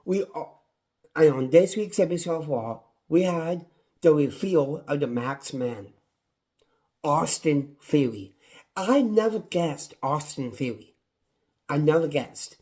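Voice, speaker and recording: A man's voice: on the high side, expressive, slow pace, darkish tone. A man reviewing a wrestling show on his own, in a passionate, repetitive rant. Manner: impassioned, ranting, repetitive. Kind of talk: casual solo review.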